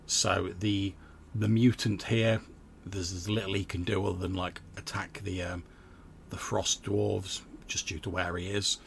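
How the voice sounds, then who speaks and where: A man's voice: low voice, flat delivery, a little slow, vocal fry, a little hiss or hum. A young man narrating a tabletop game as game master, casual and vivid, with lots of fillers.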